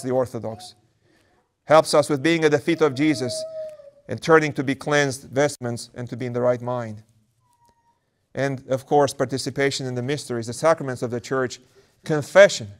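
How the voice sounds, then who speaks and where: A man's voice: medium pitch, normal speed. A man, an Orthodox priest, delivering a sermon and often repeating words as he works through a thought.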